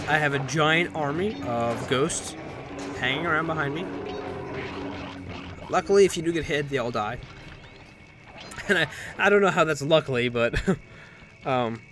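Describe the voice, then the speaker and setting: A man's voice: mid-range voice, expressive, a little slow, pauses often. A man giving casual gameplay commentary, rambling and jokey, swearing and correcting himself as he goes. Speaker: let's play commentator. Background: game music.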